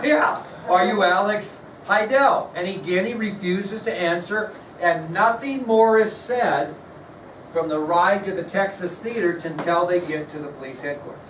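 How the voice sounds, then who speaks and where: A man lecturing a classroom in a relaxed, conversational way, often checking that his students are following. His voice sits a bit high for a man. He is recorded from across an echoey room, with faint noise underneath. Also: far from the mic. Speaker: history teacher.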